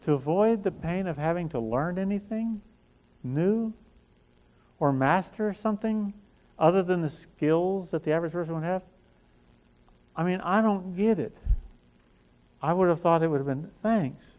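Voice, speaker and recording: A man's voice: high-pitched, normal speed, pauses often, a little mellow. Folksy man giving a conference talk. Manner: folksy storytelling, self-deprecating jokes. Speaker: speaker at a chiropractic business conference. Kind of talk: motivational talk to a live audience. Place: conference stage.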